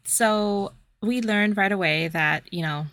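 A woman's voice: medium pitch, slow pace, a bit bright, dry recording. A woman co-hosting a podcast, chatting casually about a book, swearing and acting out quotes. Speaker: podcast co-host.

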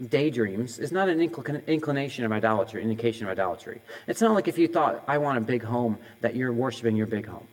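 A man's voice: on the high side, a little mellow, low-quality recording. A middle-aged man preaching a sermon as a pastor. He talks conversationally, asks the audience many questions in a row and jokes about his own slips.

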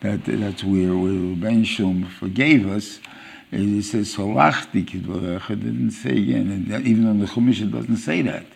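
A man giving an informal Torah lecture as a rabbi, halting and restarting as he searches for words. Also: on the low side, steady tone, vocal fry, a little mellow, slightly rough. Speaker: rabbi teaching a weekly Torah class.

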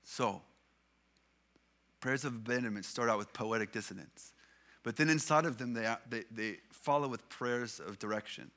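A man preaching a sermon in an earnest way, building emphasis with repeated phrases and slowing down to read scripture aloud. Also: mid-range voice, sharp tone. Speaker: pastor.

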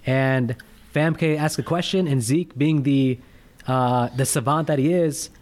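With a mid-range voice at a measured pace, this man co-hosts a casual podcast reviewing movies. He's animated, cracks jokes and rants with emphasis that keeps rising.

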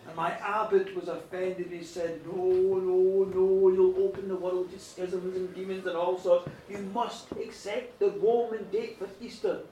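A man's voice: high-pitched, little pitch movement, a little slow, few pauses, mellow, a little hiss or hum, voice pushed down. A man voicing a boastful, sinful medieval monk who stammers through a rambling confession. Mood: grave. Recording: roomy live recording from a distance.

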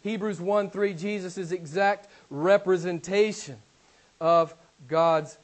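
A middle-aged man preaching a sermon, swinging between loud emphatic declarations and hushed, quiet asides. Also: high-pitched, fairly even intonation, slow. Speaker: pastor.

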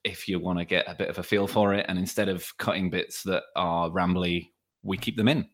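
A man's voice: low voice, fairly even intonation, a little fast. A man with an English accent, a guest on a casual podcast chat, speaking from home with dry, self-deprecating humor. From England.

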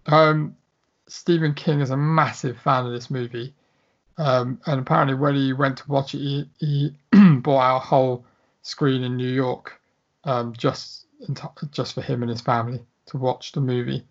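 A man's voice: mid-range voice, little pitch movement, normal speed, lo-fi sound. A man co-hosting a casual film chat, blunt, jokey and full of swearing. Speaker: podcast co-host.

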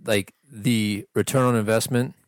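A man in a casual chat, backing up his partner with quick agreement and his own asides. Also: fairly low pitch, fairly even intonation, no echo. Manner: supportive listener, frequent quick agreement.

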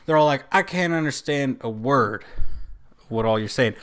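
A man's voice: medium pitch, animated, moderate pace, a bit bright. An American man co-hosting a podcast, chatting casually about a movie in a teasing, joking, rambling way. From United States. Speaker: podcast co-host.

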